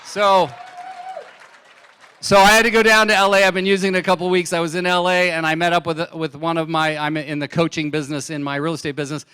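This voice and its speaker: Man, stage testimonial, animated storyteller, smooth clear voice. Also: fairly high pitch, quick pace, a faint crowd. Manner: animated storyteller, acts out his wife's lines. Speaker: distributor sharing product testimonial. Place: large conference hall on stage. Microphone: handheld mic.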